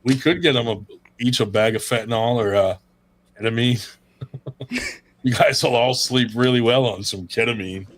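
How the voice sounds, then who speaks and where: A man's voice: mid-range voice, normal speed, long pauses, no room sound. An American man co-hosting a casual podcast, joking crudely and laughing often. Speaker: co-host.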